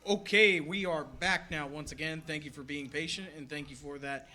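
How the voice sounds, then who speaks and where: A man's voice: fairly high pitch, steady tone, moderate pace, pushed and bright. A man hosting a podcast, chatting casually and retelling movie scenes with enthusiasm. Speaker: podcast host. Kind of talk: casual chat.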